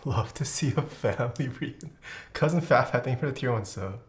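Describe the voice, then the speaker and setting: A woman streamer chatting casually while building a keyboard, exclamatory and quick to laugh. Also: extremely low pitch. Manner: animated, exclamatory, laughs often. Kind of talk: casual live-stream chat.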